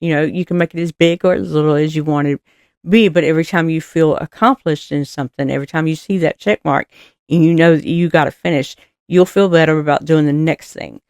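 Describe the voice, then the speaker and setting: A woman's voice: sits low, fairly even intonation, brisk, a little mellow, clean tone, no room sound, clean studio sound. A woman giving casual motivational talk as a vlogger, chatty and rambling with fillers, earnest and encouraging. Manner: encouraging and earnest, laughing at herself.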